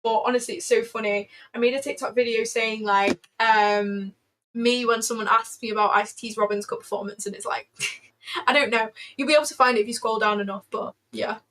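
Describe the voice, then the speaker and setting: A woman's voice: fairly high pitch, fairly even intonation, a little fast, a bit bright. A woman hosting a casual trading livestream, chatting freely with lots of fillers and answering viewers as she goes. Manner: chatty, filler-heavy, answers chat aloud.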